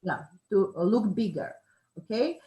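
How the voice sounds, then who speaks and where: Slow-talking woman explaining in an echoey room. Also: medium pitch, expressive, mellow. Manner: explanatory, with many fillers and self-corrections. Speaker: speaker on charisma. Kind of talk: informal talk with a participant.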